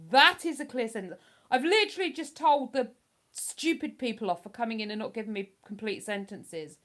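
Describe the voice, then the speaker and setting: A woman hosting a casual livestream, chatting to her viewers and reading their comments aloud in a rambling, self-deprecating way. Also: on the high side. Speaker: livestream host reading chat. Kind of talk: casual live chat.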